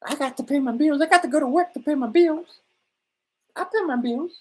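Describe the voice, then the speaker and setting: A man voicing a sassy, profane working-woman caricature in a high, squealing put-on voice. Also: fairly quick, a little mellow. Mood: mocking.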